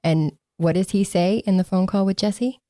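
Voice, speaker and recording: A woman's voice: mid-range voice, normal speed, warm tone, dry recording, studio quality. A woman co-hosting a casual true-crime podcast, sarcastic and laughing as she mocks the people she talks about. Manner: sarcastic, laughing, mocking quotes. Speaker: podcast co-host.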